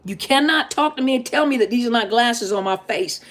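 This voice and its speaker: Lady therapist doing a live q&a, kinda high voice, casual and emphatic, keeps repeating her point. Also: expressive, fairly quick, a bit bright. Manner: conversational and emphatic, repeats key points, talks straight to viewers. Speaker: therapist and coach hosting a live Q&A. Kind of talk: casual live-stream talk.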